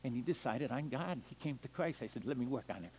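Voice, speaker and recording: An older man, a missionary evangelist, telling stories in a sermon. He swings animatedly between loud bursts and hushed, quiet stretches. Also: mid-range voice, expressive, fast talker, slight background noise. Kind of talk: storytelling sermon. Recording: long hall reverb.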